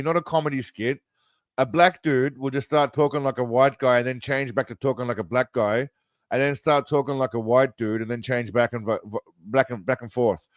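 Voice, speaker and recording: A man's voice: medium pitch, no echo. A man hosting a stream, casually reacting to a film trailer in a mocking, rambling way. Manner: mocking, rambling, laughs at his own jokes.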